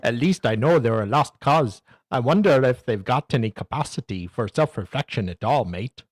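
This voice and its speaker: A man hamming up a husky, broad ocker Aussie bloke. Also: medium pitch, expressive, moderate pace, no echo. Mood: mocking. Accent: put-on exaggerated Australian. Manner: tacks "mate", "oi" and "eh" onto every line. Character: boisterous ocker Aussie bloke reading out texts. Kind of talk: comic mock reading of text messages.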